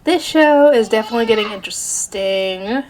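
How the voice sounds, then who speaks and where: A woman casually recapping an anime episode for her channel, rambling and excitable, jumping into loud shocked outbursts. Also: fairly high pitch, normal speed, a little hiss or hum. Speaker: anime reaction YouTuber.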